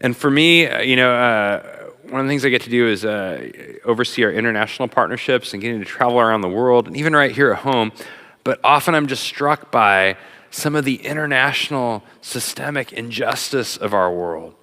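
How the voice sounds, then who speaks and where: A middle-aged man giving a sermon in a casual, animated way with lots of fillers, a father. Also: medium pitch, a little fast. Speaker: pastor. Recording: long hall reverb.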